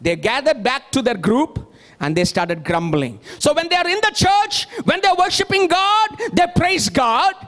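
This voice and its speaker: A male pastor delivers a sermon with a strikingly high-pitched voice. He preaches emphatically and throws rhetorical questions out to his listeners. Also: sing-song, a little slow, fairly bright tone.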